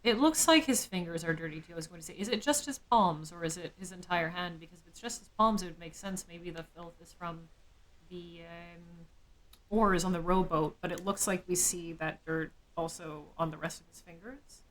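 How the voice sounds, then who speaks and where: A woman's voice: fairly low pitch, moderate pace, fairly bright tone, poor audio. A woman streamer thinking aloud during live game commentary, with musing, jokey asides.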